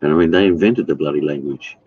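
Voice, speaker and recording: A man chatting casually with his live stream viewers, blunt and profane, halting with fillers. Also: a bass voice, a little mellow, breathy edge, no room sound, lo-fi sound. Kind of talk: casual chat.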